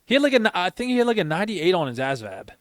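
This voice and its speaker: Rapid-fire and very animated, a young man with a high-sitting voice, a former Marine sergeant who now hosts a podcast, rambles through stories with heavy swearing and lots of emphasis. It's a casual storytelling chat in clean studio sound without echo.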